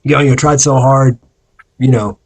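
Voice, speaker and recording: A man's voice: medium pitch, fairly even intonation, moderate pace, husky. A man hosting a podcast in casual chat, laid-back and agreeable. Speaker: podcast host.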